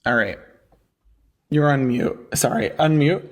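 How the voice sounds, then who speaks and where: A man's voice: fairly high pitch, expressive, takes it slowly, lo-fi sound. A man hosting a livestream debate, talking casually with a sarcastic, incredulous edge.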